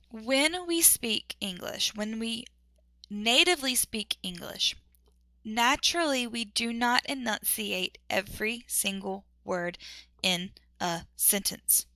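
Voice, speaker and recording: A woman who teaches English online, chatting casually and sometimes slowing down to demonstrate words. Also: fairly high pitch, gravelly, bright, forceful tone, no echo. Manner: chatty, self-interrupting, demonstrates words slowly.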